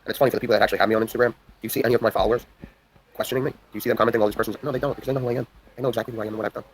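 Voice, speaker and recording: A man's voice: medium pitch, steady tone, racing, slight background noise, rough recording. A young man from the New York area tells a long story on a livestream. He talks in a rambling, intense way and swears a lot. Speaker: livestream host.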